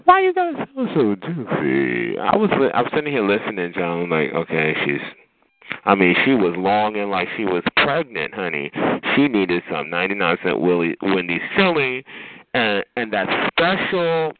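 A sassy man teases someone on a chat line, drawing out his words and tossing in "honey" and "child" as he goes. His pitch swoops wildly up and down. He comes through a thin, tinny phone line. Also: very animated. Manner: sassy, drawn-out teasing with frequent "honey" and "child". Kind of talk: casual chat roast.

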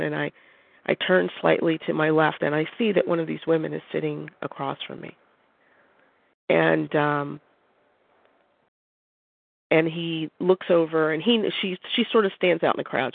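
A man's voice: on the high side, creaky. A man on a call, telling a personal story in a reflective, hesitant way with many restarts. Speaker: caller. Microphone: phone line. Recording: phone-line audio.

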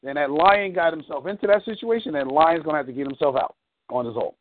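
A man's voice: on the high side, fast, no echo. A male coach on a coaching call, rambling through a story with many fillers. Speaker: life coach. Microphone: phone call. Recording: tinny phone line.

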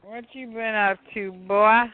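A man's voice: high voice, flat delivery, measured pace, clear, resonant tone, dry recording. A man calling into a phone chat line, talking in an offhand, laid-back way. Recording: phone line, distant from the mic.

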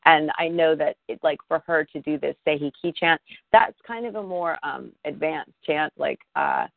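Female class leader, gentle and encouraging, gravelly, heard over a tinny phone line. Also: low-pitched, expressive, moderate pace, dry recording. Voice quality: gentle, encouraging, repeats herself. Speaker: Reiki teacher leading a teleclass. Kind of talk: teaching on a phone call.

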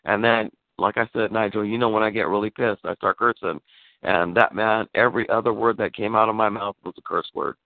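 A man telling an animated story over a call, gravelly and full of cursing as he acts out what was said. His voice is dry, with a tinny phone-line sound. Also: fairly low pitch, brisk, dry recording. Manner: animated storytelling, swearing, acting out quoted lines. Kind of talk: casual phone chat.

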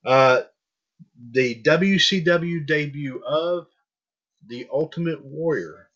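A man's voice: fairly high pitch, fairly bright tone, muffled recording. A man hosting a casual wrestling talk show, asking his co-hosts questions and often restarting his sentences. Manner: halting, many restarts and fillers. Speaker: podcast host.

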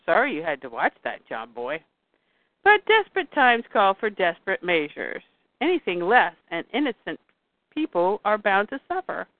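Smug vigilante man, read by a woman, menacing, comic read-aloud, lively pitch. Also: moderate pace, no echo. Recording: dry, tinny phone-like sound.

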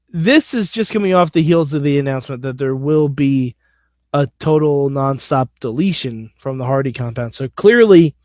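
A man's voice: fairly high pitch, darkish tone, dry recording, studio quality. A man hosting a podcast alone, giving a casual wrestling recap in an opinionated, blunt, sometimes profane way. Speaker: podcast host.

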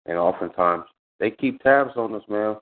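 Low-voiced man, measured, on a phone-like line. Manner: measured, many "you know" fillers. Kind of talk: casual radio talk.

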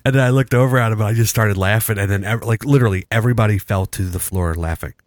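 A man's voice: fairly low pitch, fast talker, dry recording, clean studio sound. A man in his thirties hosting a podcast, telling a long story with crude jokes in casual chat. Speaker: podcast host.

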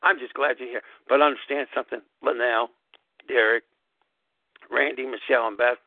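A man hosting a live podcast, giving an emphatic, preachy motivational talk that repeats phrases and swings sharply up and down in pitch. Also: steady tone, normal speed, no echo. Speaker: host of a gaming club podcast. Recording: dry, tinny phone-like audio.

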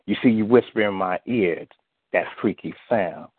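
A man reciting erotic spoken-word poetry in a slow, sensual way, often saying "you see", heard over a phone line. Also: on the low side, breathy edge, no room sound. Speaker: guest poet. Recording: tinny phone-line audio, dry.

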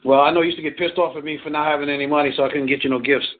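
A man's voice: a little high, steady tone, rapid-fire, a little hiss or hum. A man giving casual relationship advice, rambling, repeating words and laughing often. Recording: tinny phone line.

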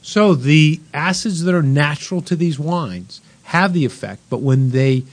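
A man's voice: fairly high pitch, expressive, measured pace. A man hosting a casual chat show, reading out wine news with wry jokes and frequent laughter. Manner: wry, joking, laughs often. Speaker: host.

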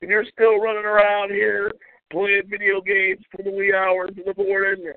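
A call-in radio host rants angrily in a high voice, his delivery completely flat and his pace moderate. His monologue is profane and mocking, and the audio sounds tinny, like a phone line.

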